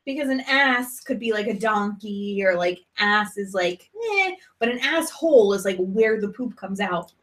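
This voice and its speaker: A woman co-hosting a casual podcast, cracking playful jokes and quick quips. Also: medium pitch, a bit bright.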